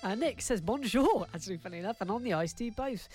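Lively high-voiced man. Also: very fast, soft background music. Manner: chuckles often while reading, playful. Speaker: podcast co-host reading listener letters. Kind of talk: casual chat.

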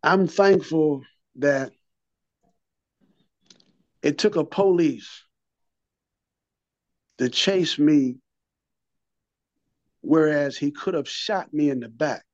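Man telling a story, higher voice, stammering restarts, dull dry lo-fi sound. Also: drawn-out words, pauses often, a little mellow, no echo. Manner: vivid storyteller, repeats words and restarts, acts out quotes. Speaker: guest telling his recovery story. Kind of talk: storytelling interview.

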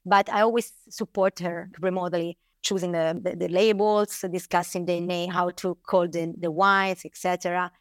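Smooth-voiced Italian woman, dry sound. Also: medium pitch, dry recording. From Italy. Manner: warm, laughs often, restarts words. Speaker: guest, winery co-owner. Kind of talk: casual interview chat.

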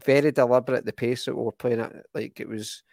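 A man's voice: mid-range voice, fairly even intonation, fast, creaky, a little mellow. A young Scottish man, co-host of a fan podcast, chatting casually about football, rambling and restarting his sentences. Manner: rambling, restarts often, enthusiastic.

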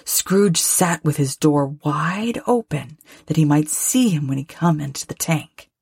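Husky woman reading a storybook. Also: deep voice, a little slow, no echo, clean studio sound. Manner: expressive, lively phrasing. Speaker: narrator.

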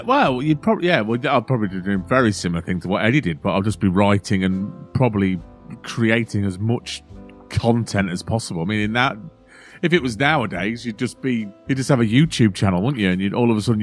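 A man with a lowish voice, relaxed and chatty as a podcast guest. He speaks loosely and laughs easily along with the others. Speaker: comedian guest. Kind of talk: casual podcast chat.

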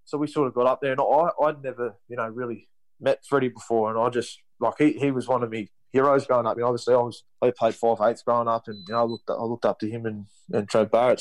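A young Australian man tells a long story in a relaxed interview, and the words come quickly. He restarts and loops back over himself constantly. His voice sounds dry and close to the mic. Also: medium pitch, no room sound, rough recording. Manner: rambling with many restarts and "you know". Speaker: guest, rugby league player.

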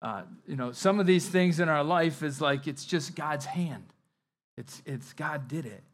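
Male pastor, sermon, fairly high voice, chatty and lively delivery. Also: a little slow. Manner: conversational, animated when acting out Bible scenes.

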